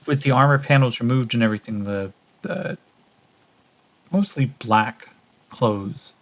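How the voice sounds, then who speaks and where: A man narrating a solo tabletop role-playing game as game master, thinking aloud with relaxed fillers. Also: medium pitch, unhurried, low-quality recording.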